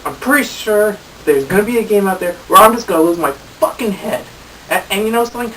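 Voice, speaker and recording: A man's voice: high voice, animated, a little fast, fairly bright tone. A man talking to the camera from his own room, venting with heavy swearing and stammering restarts. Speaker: game reviewer host. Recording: distant mic with hiss.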